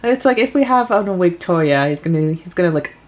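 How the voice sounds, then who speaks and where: A woman's voice: lowish voice, lively intonation, a little fast, low-quality recording. A woman co-hosting a podcast, chatting casually and laughing often as she sums up a story chapter. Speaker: podcast co-host. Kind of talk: casual chat recapping a fanfiction chapter.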